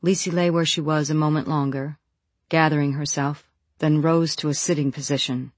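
An audiobook narrator reading a novel in an even, measured voice. The mic is close and the sound is dry, with no room around it. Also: mid-range voice, no room sound.

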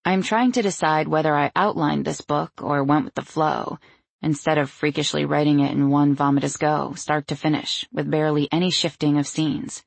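A woman's voice: low-pitched, gravelly, no room sound. A woman reading a novel in the first person, with a wry, anxious inner-monologue manner. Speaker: audiobook narrator. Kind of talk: first-person audiobook narration.

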